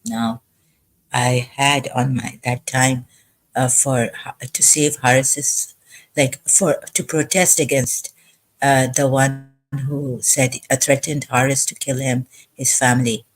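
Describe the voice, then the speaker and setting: Husky, halting woman streamer. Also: rumbling low, little pitch movement. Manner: halting, hesitant, full of pauses. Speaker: live streamer. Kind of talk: rambling livestream monologue.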